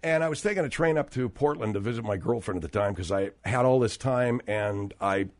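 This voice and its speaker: A man's voice: on the low side, a little fast. A man hosting a comedy radio talk show, telling a rambling story and getting exasperated with his sidekicks. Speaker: radio host.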